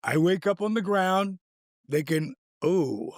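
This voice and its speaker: An older man with a gravelly voice, animated and swearing freely as he tells a story in casual chat, acting out the quotes. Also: high-pitched, slow pace, no echo, studio quality. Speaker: guest.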